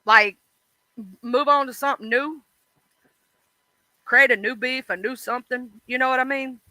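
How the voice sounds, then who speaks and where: A woman's voice: high voice, steady tone, moderate pace, sharp tone, no echo, poor audio. A woman hosting a casual livestream, chatting bluntly about online drama and swearing freely. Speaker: livestream host.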